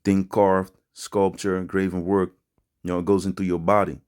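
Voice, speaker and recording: A man with a very low voice gives a loose, informal religious teaching. He talks in street slang, ends his phrases with "man", and rambles through fillers and restarts. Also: level tone, moderate pace, darkish tone, smooth. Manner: street-style slangy preaching, repeats "man". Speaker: preacher.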